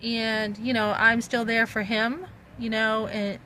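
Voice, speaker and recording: A middle-aged woman vents in a blunt, emphatic vlog, her voice bright and forceful. She talks into a phone out on a street, with faint outdoor noise behind her. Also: a little high, level tone, takes it slowly, poor audio. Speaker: vlogger. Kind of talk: casual spoken vlog.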